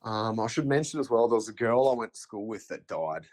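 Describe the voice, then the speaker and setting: A man in his thirties with an Australian accent, telling a ghost story as a podcast guest in a halting, hesitant way with many fillers. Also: lowish voice, animated, darkish tone. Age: 30s. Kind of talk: casual storytelling.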